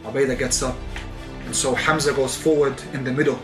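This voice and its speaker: A man's voice: mid-range voice, fairly even intonation, brisk, echoey room, music in the background. A man preaching, telling a dramatic story with building intensity and acting out the voices of the people in it. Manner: vivid, building intensity, acts out quoted voices.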